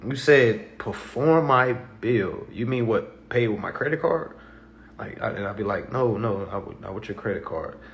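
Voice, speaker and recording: A man with a lowish voice hosts a live stream, with a bit of hiss or hum on the recording. He talks casually but in a preachy, repetitive way, often asking "okay?" and acting out other people's doubting replies.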